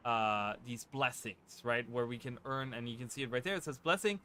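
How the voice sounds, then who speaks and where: Bright and forceful, this gaming channel host's medium-pitched voice moves at a moderate pace. He hosts a casual let's-play into a desk mic with game music underneath, rambling along with fillers and rhetorical "right?" checks.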